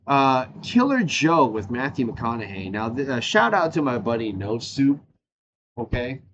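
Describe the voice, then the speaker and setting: Animated man rambling on his show. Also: medium pitch, measured pace, lo-fi sound, noisy background. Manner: animated, jumps between topics, frequent fillers and laughs. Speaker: show host. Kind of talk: casual rambling chat.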